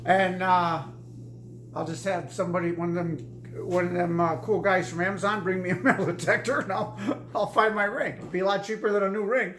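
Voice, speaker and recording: A woman's voice: fairly low pitch, steady tone, a little fast, fairly bright tone, reverberant. A woman casually telling a personal story in a rambling way, with many restarts and repeats.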